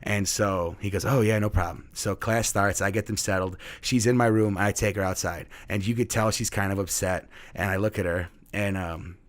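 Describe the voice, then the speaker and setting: A male middle school teacher with a fairly low voice, chatting casually as he tells a story. He is animated and slips into the voices of the people he quotes. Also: moderate pace, few pauses.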